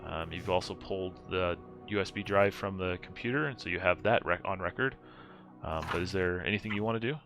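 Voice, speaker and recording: Casual low-voiced male game master. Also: brisk, music in the background. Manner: casual, with frequent fillers. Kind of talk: narrating a tabletop game.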